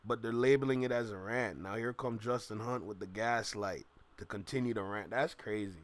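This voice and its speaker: A man's voice: lowish voice, fairly quick. A man hosting a reaction video, commenting emphatically and talking to his viewers. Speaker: YouTube reaction host.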